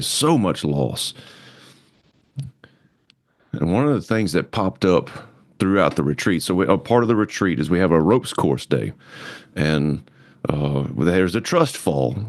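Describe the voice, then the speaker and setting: A man with a notably low, deep voice hosts a casual podcast conversation. He talks candidly, swearing now and then, about personal pain. The sound is dry and close. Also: no echo. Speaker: podcast host.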